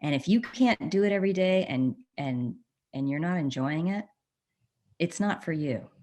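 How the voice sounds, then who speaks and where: A woman editorial cartoonist speaking on a panel, animated and quick to laugh. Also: low voice. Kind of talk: panel discussion.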